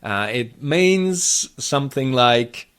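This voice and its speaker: A man who speaks as his gives a pronunciation lesson at an unhurried pace. He breaks sounds into pieces and repeats them slowly, with a mid-range pitch and a dry, understated sense of humor. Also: expressive, a bit bright, smooth. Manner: demonstrates sounds by slow repetition, dry humor. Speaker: Czech language teacher.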